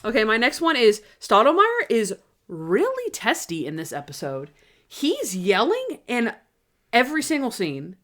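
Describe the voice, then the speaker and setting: A woman co-hosting a podcast in casual chat, rambling through an episode recap and acting out scenes in quick quoted voices. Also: on the high side, wildly swooping pitch, a bit bright. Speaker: podcast co-host.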